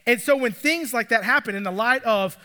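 A man's voice: very high-pitched, brisk, sharp tone. A man, a pastor preaching a conversational sermon in a church and asking the congregation questions. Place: church sanctuary.

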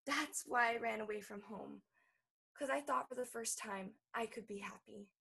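An actress playing a childlike grown woman who pleads with her stern mother in an earnest, halting way. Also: a little high, creaky, pushed and bright, slightly rough, exaggerated voice. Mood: pleading. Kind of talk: stage drama acting.

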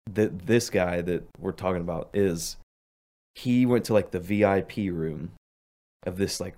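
A young man with a low, mellow voice rambles through stories while chatting casually with friends, saying "like" a lot, filling gaps, and laughing often.

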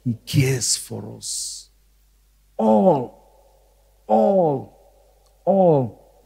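Slow, deliberate preaching man. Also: mid-range voice, dark tone, in a large hall. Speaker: pastor. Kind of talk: sermon.

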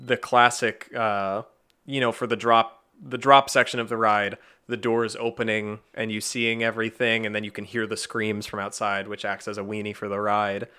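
A man's voice: fairly low pitch, flat delivery, normal speed, bright, forceful tone, smooth. A man co-hosting a podcast, brainstorming eagerly in casual chat, with lots of filler words. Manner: enthusiastic, full of filler words. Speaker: podcast co-host.

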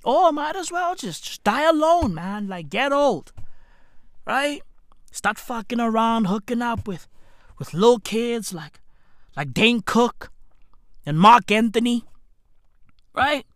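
A high-voiced woman rants in a slow, drawn-out comic monologue, her pitch leaping up and plunging down. The recording is close and dry, with no room sound around her. She swears constantly, calls listeners "bruv", and keeps checking in with "right?". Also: animated, no echo. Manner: rambling, profane, keeps asking "right?". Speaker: podcast host. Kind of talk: profane comedic rant.

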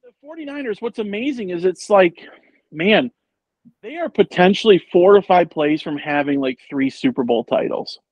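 A man's voice: high-pitched, moderate pace, no room sound, dull audio. Rambling man on a sports podcast. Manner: rambling, animated, swears, many fillers. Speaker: podcast co-host. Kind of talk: casual sports chat.

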